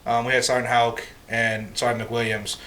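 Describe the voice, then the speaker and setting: A man's voice: medium pitch, moderate pace, very noisy. A man from Massachusetts, telling profane stories in a casual podcast chat and acting out what people said. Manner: animated, profane, acts out quotes. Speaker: podcast co-host.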